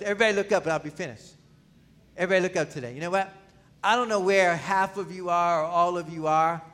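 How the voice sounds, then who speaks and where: A man preaching a sermon as pastor, calling questions out to the congregation and swinging from pleading cries to low, quiet lines. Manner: pleading, rising to near-shouts, then dropping low. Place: church.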